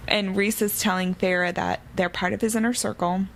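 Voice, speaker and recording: A woman's voice: mid-range voice, fairly even intonation, moderate pace, a little hiss or hum, poor audio. A woman co-hosting a casual book podcast, recapping the plot eagerly. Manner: chatty, recapping the plot with enthusiasm. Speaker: podcast co-host.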